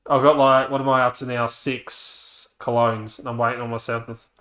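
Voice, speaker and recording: A man on a live stream, telling stories in a lively way and acting out the people he quotes. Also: mid-range voice, moderate pace. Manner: animated storytelling, acts out quoted voices. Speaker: co-host. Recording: echoey room.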